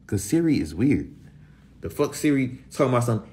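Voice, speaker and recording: A young man, vlogging casually, energetic and profane, often dropping to whispers. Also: on the high side, fast. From Florida. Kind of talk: casual vlog talk.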